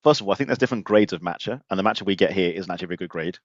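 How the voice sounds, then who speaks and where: A man's voice: deep voice, very fast, dry recording, muffled recording. A man hosting a casual live show, talking bluntly and animatedly and swearing freely. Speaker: podcast host. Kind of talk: casual livestream chat.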